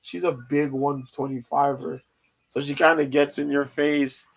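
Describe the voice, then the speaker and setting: Male stream host, gravelly, monotone, casual fight-preview chatter full of ums. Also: a little high, unhurried, low-quality recording. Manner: loose, rambling, lots of ums.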